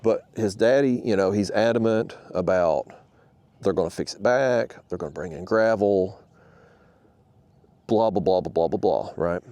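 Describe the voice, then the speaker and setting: A man who hosts a fishing channel, telling a story to the camera in an animated, exasperated rant. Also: low-pitched, moderate pace, no room sound.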